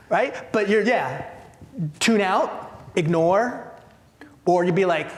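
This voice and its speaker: A man's voice: sits high, animated, unhurried, a little hiss or hum. A man leading a training for theater staff, talking emphatically with rhetorical questions and acted-out reactions. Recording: long hall reverb.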